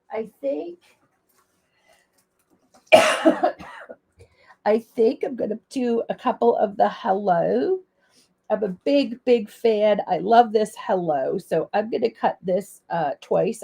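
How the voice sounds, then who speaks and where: A woman's voice: mid-range voice, creaky, darkish tone. A woman with a Canadian accent hosting a live crafting demo, rambling in a friendly way while she has a cold and a cough. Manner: rambling, friendly, lots of ums and asides. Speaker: crafting livestream host.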